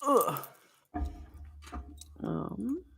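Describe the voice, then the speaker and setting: A woman's voice: mid-range voice, sing-song, very slow, creaky, a bit bright, husky. A woman with a New York accent chatting casually on a live stream, answering viewers by name.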